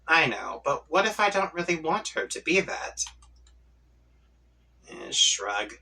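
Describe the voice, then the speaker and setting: A man's voice: a little high, sing-song, takes it slowly, vocal fry, sharp tone, husky, recorded from a distance, poor audio. A man reading a webcomic aloud, reacting as he goes and playfully voicing the chat lines. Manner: playful, reads chat lines in voices and laughs along. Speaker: comic reading channel host.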